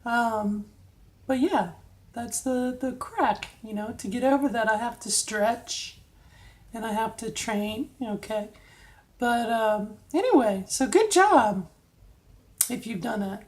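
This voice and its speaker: Middle-aged woman, vlogger, friendly coaching tone, slightly high voice, keeps asking "okay?". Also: takes it slowly. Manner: chatty, coaching, frequent "okay?" check-ins. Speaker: vlogger giving voice training tips. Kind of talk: casual instructional vlog.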